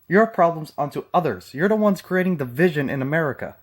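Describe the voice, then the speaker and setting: A man's voice: on the high side, expressive, quick pace, few pauses, slightly rough. A man from Texas giving mocking, sarcastic reaction commentary with frequent profanity. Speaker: commentary channel host.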